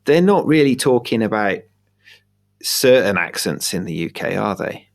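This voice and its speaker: A man's voice: on the low side, sing-song, normal speed, vocal fry. A British man co-hosting a podcast, chatting casually with a dry, wry wit. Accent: British English. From Britain. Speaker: podcast co-host. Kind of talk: casual chat.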